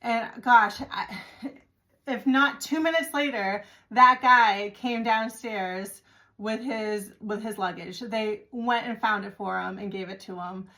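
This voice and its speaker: A woman from the United States talks straight to her viewers in a relaxed, chatty storytelling voice. She sounds exasperated and acts out the people she met along the way. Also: medium pitch, slow pace. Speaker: vlogger. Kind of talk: casual storytelling to camera.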